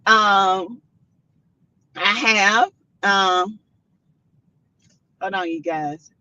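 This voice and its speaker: A middle-aged South Carolina woman hosts a casual livestream, chatting and greeting viewers by name in a medium-pitched, sharp voice with drawn-out words. The audio is dull and lo-fi, without echo.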